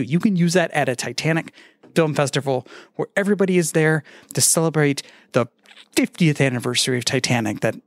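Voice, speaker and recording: A man recording a casual podcast message, telling groan-worthy puns in a deadpan, self-mocking way and swearing now and then. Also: mid-range voice, vocal fry, no room sound, studio quality. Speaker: podcaster sending a tribute.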